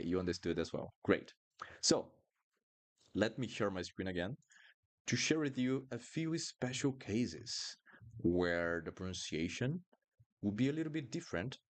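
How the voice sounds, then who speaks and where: A man teaching a live online lesson, drilling sounds slowly and asking viewers questions. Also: sits low. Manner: lively and encouraging, drills sounds slowly, asks the chat questions. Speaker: Portuguese teacher.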